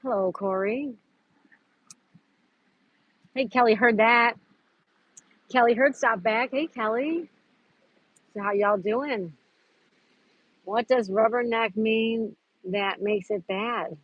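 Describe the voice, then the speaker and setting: A woman's voice: a little high, takes it slowly, long pauses. Chatty woman on a dull lo-fi live stream. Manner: chatty, greets viewers by name, laughs often. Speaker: livestream host. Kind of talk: casual live chat reading viewer comments. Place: outdoors at a park.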